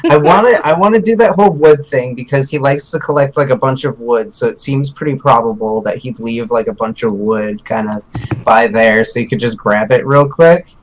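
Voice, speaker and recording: A man's voice: medium pitch, moderate pace, a little hiss or hum, rough recording. A man playing a tabletop role-playing game, chatting casually with frequent fillers. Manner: casual, laughing, filler-heavy. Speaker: player.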